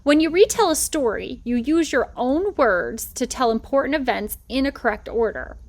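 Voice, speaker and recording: Patient, higher-voiced woman teacher. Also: expressive. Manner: patient, stretches out letter sounds slowly; checks in often with "okay?" and "right?". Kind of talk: recorded remote reading lesson.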